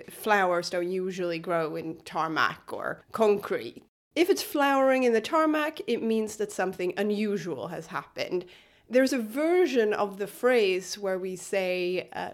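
Swedish woman co-hosting a podcast. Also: mid-range voice. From Sweden. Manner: chatty, with frequent fillers. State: recovering from a cold. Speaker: podcast co-host. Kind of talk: casual chat. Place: home flat.

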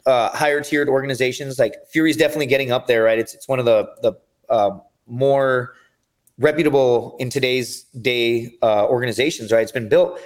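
A man guesting on a podcast, telling his fighting stories in an energetic, profane, rambling way. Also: medium pitch, a little fast. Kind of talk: casual storytelling chat.

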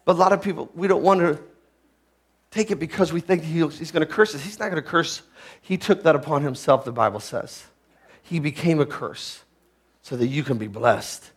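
A male pastor preaching a sermon, rising to shouted peaks and dropping to low, hushed teaching, with many rhetorical questions to the listeners. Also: moderate pace, slightly rough.

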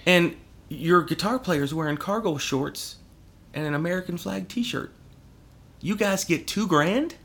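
A man's voice: high-pitched, a little slow. A man in casual chat, telling stories with lots of swearing and acted-out quotes. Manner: animated storyteller, swears a lot, acts out quotes. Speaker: podcast guest.

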